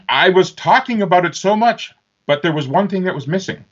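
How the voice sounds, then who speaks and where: A man from Northern Ontario, Canada, telling stories as an interview guest, animated and fond of doing lively voices for the people in them. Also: sits high, a little fast. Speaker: interview guest, author and speaker. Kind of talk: animated storytelling. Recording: slightly dull lo-fi sound.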